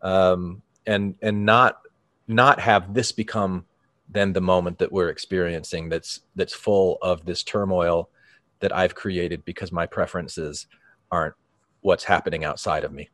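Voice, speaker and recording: A man with a low voice offers calm, reflective replies in a casual podcast talk. The sound is dry and close, with little room tone, and he muses rather than argues. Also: measured pace, dry recording. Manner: calm, reflective, talks of letting go of preferences.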